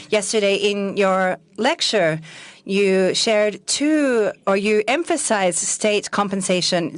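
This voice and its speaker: A woman interpreting consecutively at a press conference, careful and halting, correcting herself as she goes. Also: mid-range voice, dry recording.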